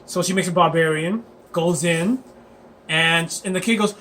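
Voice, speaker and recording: A man's voice: fairly high pitch, a little slow, fairly bright tone, a little hiss or hum. A man chatting casually as a dungeon master, rambling and laughing with many fillers. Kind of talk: casual chat.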